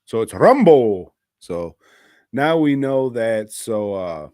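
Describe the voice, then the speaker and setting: A man with a lowish voice chats casually on a movie podcast, swearing constantly and rambling along. He talks slowly and unhurriedly. The sound is dry and close. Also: animated, a little mellow, clear, resonant tone, dry recording. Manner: profane, rambling and irreverent. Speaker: podcast co-host. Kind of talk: casual movie review chat.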